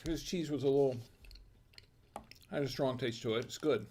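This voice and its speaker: A man hosting a home wine and cheese tasting, talking casually and thinking aloud with restarts and quiet asides. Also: medium pitch, normal speed, a little hiss or hum. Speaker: host of a wine tasting show.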